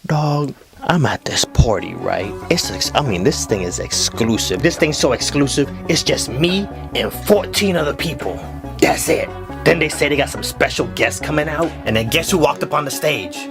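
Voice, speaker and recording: A man telling funny personal stories in an animated storytelling video, jokey and full of voice switches. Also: on the high side, normal speed, vocal fry. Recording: voice-over with music bed.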